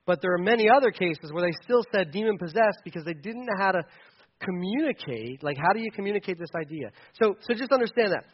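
A man preaching in a loose, conversational way, often stumbling and restarting as he explains. His voice sits fairly high for a man. The sound is dull and lo-fi. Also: lively intonation, fast, slightly rough. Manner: casual, chatty, with many restarts and fillers. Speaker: pastor. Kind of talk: conversational sermon.

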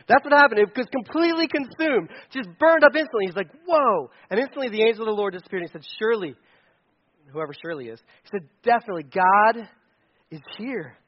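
A man preaching a casual sermon, retelling a story with lively acted-out lines and jokes. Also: high voice, rapid-fire, muffled recording. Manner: animated, acts out characters' lines with jokes and laughs.

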